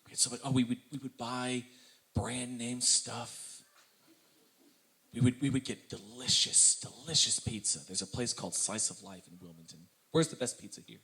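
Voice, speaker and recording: A man performing stand-up comedy in an animated, self-mocking way, speaking straight to the audience. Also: medium pitch, moderate pace.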